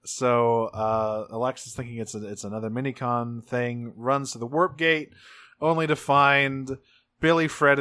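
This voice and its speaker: A man co-hosting a podcast, recapping an episode in a rambling, profane, animated way. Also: mid-range voice, no echo. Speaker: podcast co-host. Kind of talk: casual episode recap chat.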